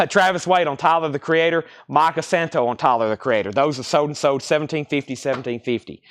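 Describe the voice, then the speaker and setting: A man hosting a live record sale stream, briskly calling out titles and prices, slightly out of breath. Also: a little high, a bit bright, a little hiss or hum. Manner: brisk auctioneer-style patter, calling out prices.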